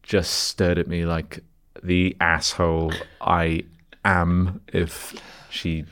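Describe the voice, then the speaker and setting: A young man tells a story with a very low, deep voice. His delivery is dry and self-mocking, and he keeps a casual podcast chat rolling along. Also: completely flat delivery, slow, a bit bright, clean tone.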